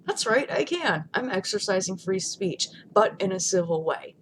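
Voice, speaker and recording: A woman vlogging from home in a casual, chatty rant, laughing often and swinging between loud outbursts and hushed asides. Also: medium pitch, big pitch swings, normal speed, a little hiss or hum. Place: home, not in her studio.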